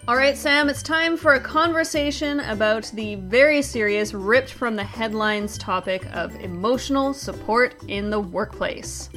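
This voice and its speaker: A woman's voice: fairly high pitch, measured pace, few pauses, music in the background. Wry woman co-hosting a comedy segment. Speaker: comedy show co-host. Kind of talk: scripted comedic news chat.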